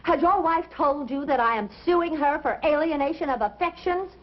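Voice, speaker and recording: An actress in a 1950s sitcom playing a friend who pretends to be a jealous, accusing wife. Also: female voice, sits high, moderate pace, lightly acted. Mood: indignant. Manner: indignant, accusing. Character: jealous doctor's wife, adult woman, indignant. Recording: dull old TV soundtrack, audience murmur.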